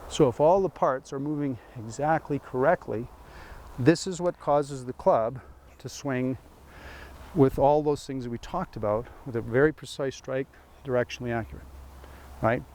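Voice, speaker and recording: A man's voice: medium pitch, normal speed, a little mellow, slight background noise. A man, a golf teaching pro, giving a chatty lesson full of rhetorical questions and dry sarcasm. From Canada.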